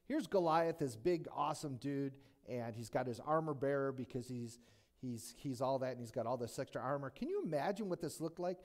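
Speaking fairly quickly in a medium pitch, a male preacher recounts a Bible story during his sermon. He keeps it lively, cracking jokes and asking many rhetorical questions.

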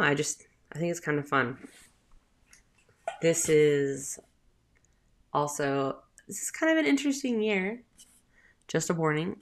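Slow low-voiced Southern woman with vocal fry. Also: a bit bright. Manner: chatty, rambling, with filler words and laughs. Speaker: podcast host, mother. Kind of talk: casual storytelling.

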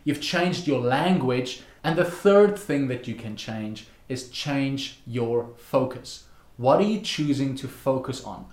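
A man's voice: mid-range voice, echoey room. Emphatic motivational coach, man. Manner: emphatic, repetitive rhetorical questions. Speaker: self-help coach. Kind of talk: motivational monologue.

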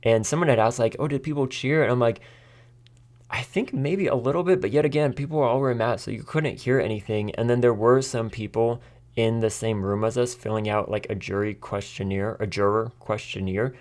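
A man's voice: on the low side, fairly even intonation, brisk, darkish tone. An American man hosting his own podcast, telling a story in a chatty, casual way, laughing often and acting out what people said. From United States. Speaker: podcast host.

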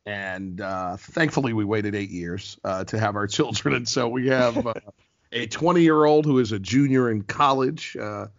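A man's voice: on the low side, normal speed, creaky, no echo. Chatty American man on a lo-fi call. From United States. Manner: chatty, laughs often, many ums and restarts. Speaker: guest, team TV host and courtside reporter. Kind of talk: casual podcast interview.

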